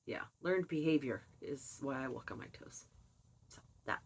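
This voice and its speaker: An older woman telling a personal story in a casual, candid way, with animated asides and laughs. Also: rumbling low, moderate pace, slightly rough, rough recording. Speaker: vlogger sharing personal experience.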